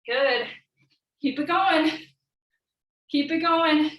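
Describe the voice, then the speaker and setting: A woman's voice: high voice, extremely slow, lo-fi sound. A young woman fitness coach leading a live workout class, calling out encouraging cues and countdowns while a little out of breath. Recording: echoey room, from far off.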